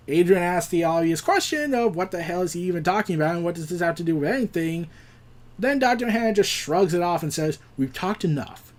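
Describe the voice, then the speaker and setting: A man recapping a comic book issue in casual commentary, acting out the quotes and adding sarcastic asides. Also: sits high. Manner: retells the plot, acts out quotes, adds sarcastic jokes.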